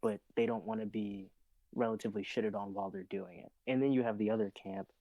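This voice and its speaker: A man's voice: on the low side, fairly even intonation, quick pace, mellow, no echo, low-quality recording. A man in a casual group discussion, laying out his points step by step with careful hedging. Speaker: podcast co-host.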